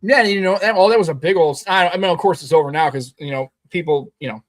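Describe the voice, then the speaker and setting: Rambling, emphatic man, higher voice. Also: fast talker. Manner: rambling, emphatic, swears casually. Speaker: podcast co-host. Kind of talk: casual tech chat.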